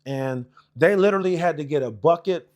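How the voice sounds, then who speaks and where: A man's voice: fairly high pitch, a little fast, darkish tone. A man in his forties, an Air Force veteran, telling service stories in a rambling, profane, casual way with lots of fillers. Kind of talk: casual storytelling.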